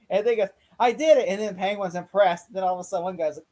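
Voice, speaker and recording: A man hosting a casual TV recap chat, acting out characters' lines in quick put-on voices. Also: high-pitched, fairly even intonation, dark tone. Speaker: podcast host.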